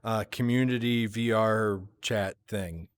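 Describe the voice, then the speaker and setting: A man's voice: fairly low pitch, fairly even intonation, slow pace, dry recording. A man hosting a casual chat, talking hesitantly with many fillers and restarts. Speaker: show host.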